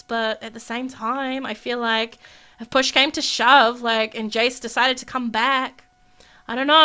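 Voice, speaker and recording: With a high, sharp, clean voice, a young woman hosts a gaming video and narrates a life-sim game. Her let's-play commentary is excited and dramatic: she gasps, says things over and over, and performs the characters' quarrels.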